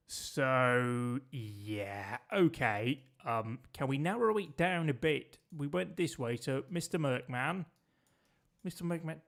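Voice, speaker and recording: A man's voice: mid-range voice, vocal fry, a bit bright. A man streaming a geography guessing game, chatting and joking with his viewers as he plays. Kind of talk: casual gameplay commentary.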